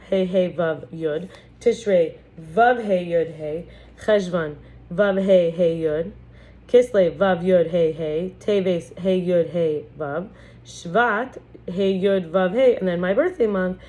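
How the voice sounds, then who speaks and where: A woman's voice: medium pitch, darkish tone. A woman giving a casual spiritual lesson, talking in a chatty way with frequent restarts while reading from a book. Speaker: teacher. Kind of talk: casual spiritual teaching talk.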